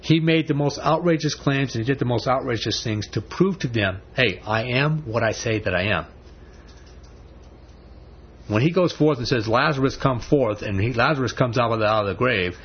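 A man's voice: mid-range voice, normal speed, husky, highs cut off. A man preaching a sermon with emphatic delivery, asking rhetorical questions and pressing his points with rising emphasis.

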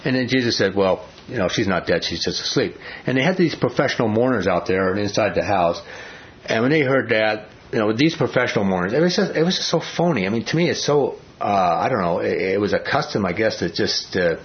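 A man's voice: lowish voice, lively intonation, brisk. A man leading an informal Bible study, talking conversationally and often asking the class questions. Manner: conversational, asks the class questions, many fillers. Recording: dull lo-fi recording.

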